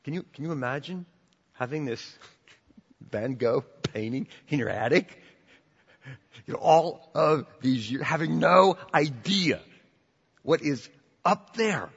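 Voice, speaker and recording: Male pastor, sermon delivery, higher voice, animated and emphatic, dull sound with long church echo. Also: slow, creaky, pauses often, breathy edge. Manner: animated, repeats words, rises to emphatic peaks.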